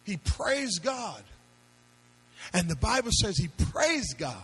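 A man's voice: high-pitched, sing-song, very slow, long pauses, a bit bright, slightly rough. A male pastor preaching a sermon to a congregation, with emphatic call-and-response questions and phrases that he sings out. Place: church before a congregation.

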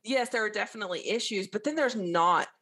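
A woman's voice: mid-range voice, fairly quick. Chatty Southern American woman. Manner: chatty, animated storyteller. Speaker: guest. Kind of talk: casual storytelling interview.

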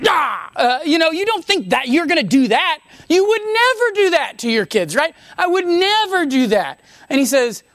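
A woman delivering a sermon in a loose, conversational way, her pitch leaping and swooping as she works through the verses. She often restarts and breaks off mid-sentence. The sound is dry and close. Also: moderate pace, hardly any pauses, dry recording. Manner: animated, conversational, with many restarts and self-interruptions. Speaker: preacher. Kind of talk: sermon teaching on scripture.

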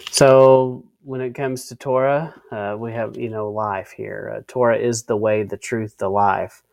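A man's voice: lowish voice, steady tone, measured pace, vocal fry, a little mellow, dry recording. A man co-hosting a casual Bible-study discussion, often restarting his sentences and reading out word definitions. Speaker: co-host of a faith discussion.

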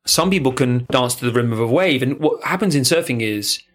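A man's voice: medium pitch, lively intonation, brisk. A man co-hosting a surf podcast, talking animatedly in casual, jokey chat with some swearing. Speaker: podcast co-host.

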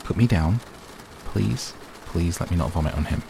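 A man's voice: sits low, moderate pace, vocal fry, noisy background. A man doing a faint, queasy teenage girl. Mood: faint, pleading. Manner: weak, pleading and quiet.

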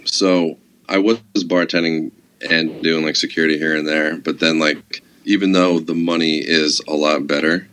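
A man's voice: a bass voice, steady tone, moderate pace, fairly bright tone. A man telling rambling stories in a casual conversation, laid-back, with lots of "like" and swearing. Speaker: guest, comedy club security guard.

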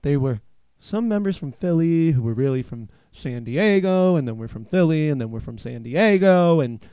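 A man's voice: fairly high pitch, expressive, normal speed, dark tone, clean tone, no room sound. A man from eastern Pennsylvania hosting a casual chat show, telling stories in a rambling, profane way with lots of filler words. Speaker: podcast host.

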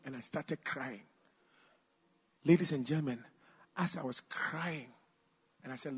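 A man preaching a sermon, telling a personal story with sudden shouts and bursts of laughter. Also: on the high side, measured pace, long pauses, slightly rough. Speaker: pastor.

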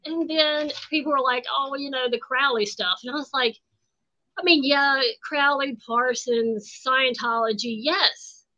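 A woman guest telling stories in a blunt, animated, profane way in casual chat. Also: high voice, a little slow. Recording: dull lo-fi sound.

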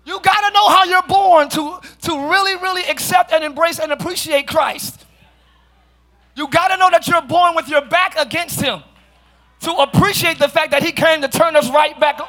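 A middle-aged male pastor preaching a sermon in a church, often shouting, with playful asides to the congregation. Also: very high voice, moderate pace. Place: church sanctuary.

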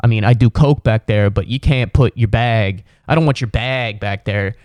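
A man's voice: lowish voice, moderate pace, a little mellow, no room sound, lightly acted. A man quoting a rude, touchy young male rideshare driver with a blunt, dismissive manner.

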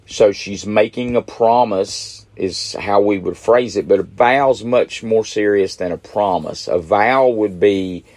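A man's voice: lowish voice, unhurried, few pauses, darkish tone, no echo. A middle-aged man preaching a midweek sermon, emphatic and repeating phrases for stress.

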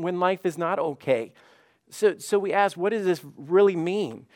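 A man's voice: high voice, unhurried, a little mellow. A man preaching a sermon as pastor in a conversational way, often repeating words and acting out quoted voices.

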